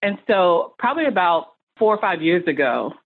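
A woman's voice: on the low side, very animated, moderate pace, slightly rough. Middle-aged woman, earnest, over a tinny line. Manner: earnest, motivational, builds emphatic lists. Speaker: guest, speech-language pathologist. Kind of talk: podcast interview.

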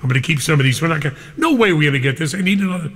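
An older man hosting a live radio show, effusive and excited, reading out listener emails and chatting with callers. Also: a little high, very fast, breathy edge, big-room sound. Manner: exuberant, effusive, reads listener emails aloud. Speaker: radio DJ host.

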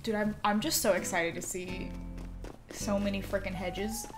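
A woman's voice: medium pitch, fairly even intonation, normal speed. A young woman streaming a game, chatting casually and gushing over what she sees, giggling often. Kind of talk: casual live-stream chatter while gaming. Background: soft game music.

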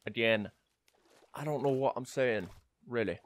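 A man's voice: mid-range voice, a little slow, pauses often, dry recording. Rambling young man gaming. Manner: rambling, joking asides. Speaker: gamer. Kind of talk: casual let's-play commentary.

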